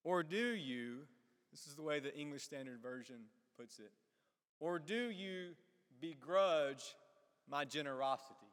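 Pastor preaching in an echoing hall. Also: male voice, fairly high pitch, measured pace, fairly bright tone. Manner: asks the congregation questions and acts out characters. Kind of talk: sermon.

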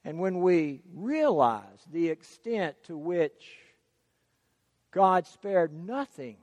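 A man's voice: high voice, very animated, extremely slow, darkish tone, no room sound, in a large hall. A man preaching a sermon, emphatic and stressing key words by repeating them.

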